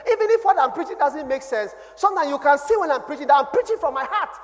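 A man with a Ghanaian accent preaching a sermon as a pastor, his voice dropping low and then swelling loud. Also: expressive, fast. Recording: long hall reverb.

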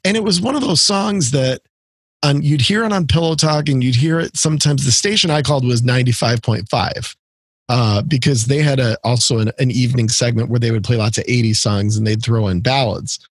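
A man's voice: mid-range voice, a little fast, breathy edge, no room sound. A middle-aged man from the area co-hosting a casual music podcast, rambling with lots of fillers and restarts. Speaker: podcast co-host.

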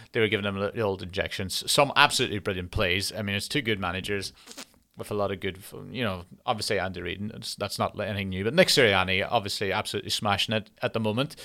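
A man's voice: lowish voice, quick pace, pushed and bright. A young man hosting a podcast, chatting casually in a rambling, profane, joking way. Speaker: podcast host. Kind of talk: casual chat.

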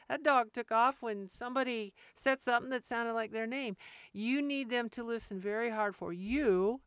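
A woman talks through dog-training advice in a relaxed, direct podcast style. Her voice sits at a middle pitch and comes across smooth and clear. She now and then slips into short acted-out asides. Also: dry recording, clean studio sound. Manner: direct, practical, acts out quick asides. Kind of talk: casual instructional podcast talk.

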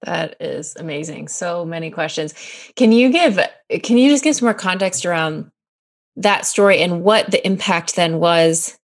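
Interview host, woman, low with vocal fry, curious questioner. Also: moderate pace. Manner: curious, asking follow-up questions. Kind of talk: conversational interview.

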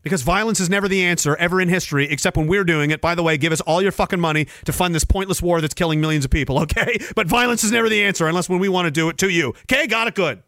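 A man hosting a podcast, delivering a sarcastic, profane rant with loud outbursts. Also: high voice, rapid-fire, few pauses, no echo, clean studio sound. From Canada. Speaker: podcast host. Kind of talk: angry ranting monologue.

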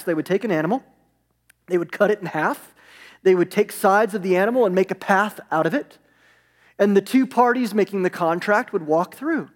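A man preaching a sermon as pastor, emphatic, stressing words in slow phrases. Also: high voice, long reverb tail.

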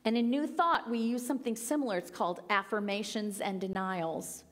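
A woman gives a spiritual talk, earnest and conversational, now and then playful. Her voice sits at a middle pitch and rings out with a long reverb, as if in a hall. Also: fairly even intonation, moderate pace, fairly bright tone. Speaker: spiritual teacher. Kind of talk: sermon-style talk.

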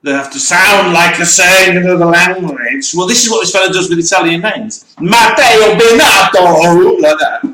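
Co-hosting a casual motoring talk show, a man rants and playfully mocks mispronunciations. His high, bright voice is forceful and fairly quick, with hardly any pauses, recorded in an echoey room.

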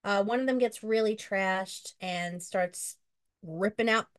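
A woman's voice: mid-range voice, slow, clean tone. A woman co-hosting a podcast, chatting casually and improvising a story in a jokey manner full of "you know"s. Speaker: podcast co-host.

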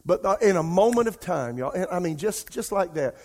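Male pastor, emotional preacher, conversational, swings from hushed to pleading highs. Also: lively intonation, brisk. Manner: emotional storytelling, rising to near-crying pleas; conversational, repeats words, addresses congregation as y'all. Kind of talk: sermon.

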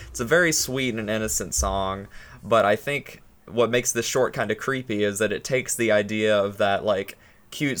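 A man's voice: lowish voice, fairly bright tone, smooth. A young man chatting casually on a podcast, rambling with many fillers as he retells a story.

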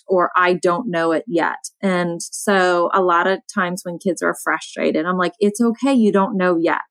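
A woman who teaches elementary school, speaking calmly and softly in a panel discussion. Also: fairly low pitch, no echo, rough recording. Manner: calm, soft-spoken.

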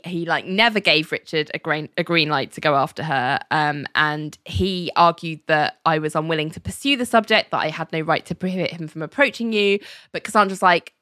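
A woman podcast host recapping a TV episode in an animated storytelling chat, full of "like.". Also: sits low, dry recording.

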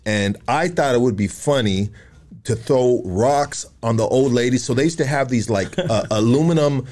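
A man's voice: medium pitch, moderate pace, a little mellow. A man hosting a casual interview, laid-back and calling his guest "bro" as he talks. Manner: laid-back, says "bro" often, trails off and restarts. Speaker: podcast host.

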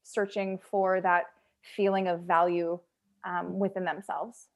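A woman's voice: on the low side, level tone, a little slow. A woman hosting a podcast in casual conversation, speaking in an emotive, heartfelt way with frequent restarts. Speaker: podcast host.

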